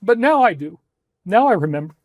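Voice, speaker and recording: A man's voice: high voice, big pitch swings, brisk, darkish tone, no room sound, studio quality. A man giving an emotional, rambling lecture to an audience, intense and pleading.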